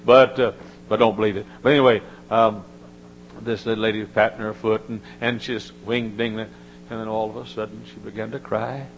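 An older man preaching a sermon, telling folksy stories and climbing into high, emotional quoted voices. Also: level tone, a little fast, highs cut off, a little hiss or hum.

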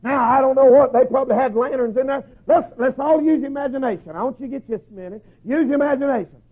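A man preaching a sermon in a folksy storytelling way, acting out voices and shouting at the peaks. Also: very high voice, fast, slightly rough. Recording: tinny phone-like lo-fi recording.

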